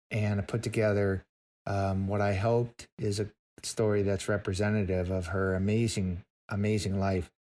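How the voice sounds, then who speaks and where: A man's voice: lowish voice, darkish tone. A middle-aged man, a guest author, telling a moving story in conversation, earnest and repeating words for emphasis.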